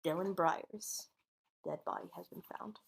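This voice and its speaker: A woman's voice: fairly low pitch, steady tone, a little slow, gravelly, husky. A woman co-hosting a podcast, telling a true crime story in a casual way and acting out what people said. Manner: acts out quotes, sometimes drops to a whisper.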